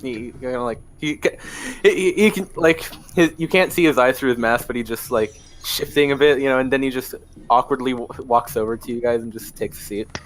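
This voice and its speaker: A man's voice: mid-range voice, brisk. A man playing a tabletop game, describing his character in a hesitant, stumbling way. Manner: hesitant, stumbling, soft-spoken. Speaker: player.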